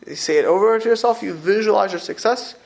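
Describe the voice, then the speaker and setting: A man, a rabbi giving an informal talk, rambling and repeating himself as he tells animated stories. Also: sits high, quick pace, vocal fry. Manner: rambling, repetitive, animated storytelling with restarts.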